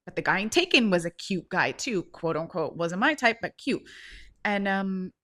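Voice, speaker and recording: A woman hosting a podcast, retelling a story in a casual, animated way with lots of "like" fillers. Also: medium pitch, normal speed. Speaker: podcast host.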